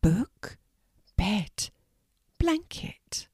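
A woman voicing a frightened young mermaid girl in a breathy, shy whisper, as whispered role-play. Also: medium pitch, big pitch swings, drawn-out words, mellow, dry recording, clean studio sound, pitched above the performer's own voice, full character voice. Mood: timid whisper.

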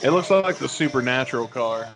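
A man's voice: mid-range voice, lively intonation, brisk, gravelly, music in the background. Laid-back man making wry short remarks. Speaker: co-host reacting to a music video. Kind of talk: casual reaction chat.

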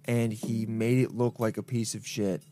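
A man's voice: on the low side, flat delivery, normal speed, warm tone. A young man co-hosting a podcast, talking in a rambling, joking way with lots of fillers. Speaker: podcast co-host. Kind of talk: casual chat.

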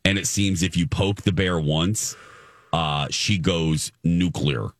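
A man's voice: takes it slowly, dry recording, studio quality. A man hosting a casual chat about TV, teasing his co-hosts in a playful manner. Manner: animated, playful teasing, jumps high in pitch. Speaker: show host.

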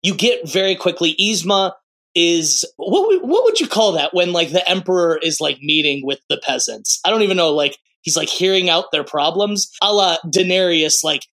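A man's voice: sits high, animated, moderate pace, fairly bright tone. A man in his late twenties co-hosting a podcast, chatting casually about a movie and acting out quotes in raised voices. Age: 20s. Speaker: podcast co-host.

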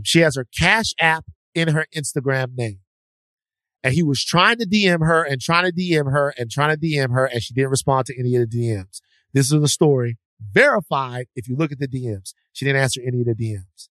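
A man's voice: on the high side, fairly bright tone, dry recording, clean studio sound. A man co-hosting a podcast, telling a story in a casual, slangy, rambling way with restarts. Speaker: podcast co-host.

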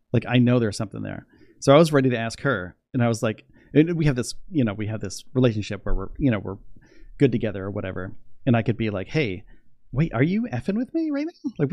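Excited rambling man on a livestream. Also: medium pitch, no room sound, clean studio sound. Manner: rambling, excitable, laughs often. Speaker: space news livestreamer. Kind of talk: casual livestream chat.

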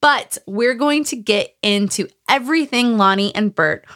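A woman's voice: a little high, unhurried, a bit bright. A woman in her thirties hosting a podcast in a chatty, bubbly way, rambling with lots of filler words. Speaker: podcast host.

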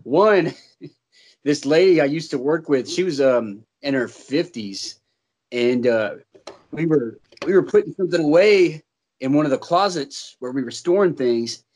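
A man's voice: on the high side, animated, unhurried, a little mellow. A man telling stories in casual chat, swearing and breaking into laughter often.

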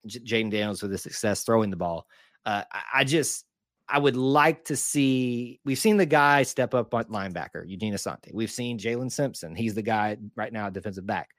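A man's voice: on the low side, normal speed, a bit bright, no echo, clean studio sound. A man co-hosting a sports podcast, chatting casually with jokes and frequent restarts. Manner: jokey, hesitant restarts. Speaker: podcast co-host.

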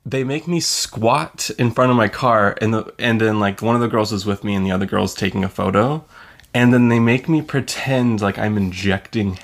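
A man's voice: lowish voice, moderate pace, creaky. A young man telling a rambling story on a podcast, filling his talk with "like" and laughing as he goes. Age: young adult. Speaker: podcast co-host. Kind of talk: casual storytelling chat.

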